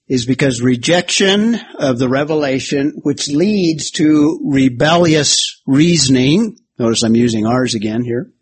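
A man's voice: fairly high pitch, breathy edge. A man preaching and teaching through a Bible passage verse by verse, building an alliterative outline on a board and bantering with his listeners. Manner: expository, uses a whiteboard and alliteration, jokes with the class. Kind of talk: sermon-style Bible teaching.

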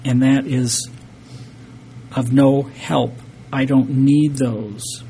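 A man's voice: medium pitch, flat delivery, extremely slow, creaky, mellow, a little hiss or hum. A man preaching a sermon, earnest and emphatic, reading scripture and explaining it to a congregation. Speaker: pastor.

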